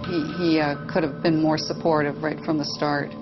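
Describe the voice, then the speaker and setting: Measured woman giving expert commentary. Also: sits low, little pitch movement. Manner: measured, analytical. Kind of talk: TV interview commentary. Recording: dull lo-fi TV audio with faint music.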